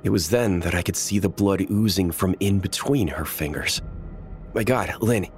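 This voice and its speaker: A man narrating a first-person horror story in a measured, tense storytelling manner. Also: low-pitched, a little mellow, soft background music.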